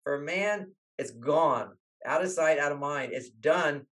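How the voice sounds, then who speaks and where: A man's voice: fairly high pitch, a little slow. An older man, a relationship author, telling stories in an interview and acting out the people he quotes. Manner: animated, acts out quoted voices. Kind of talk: storytelling interview talk.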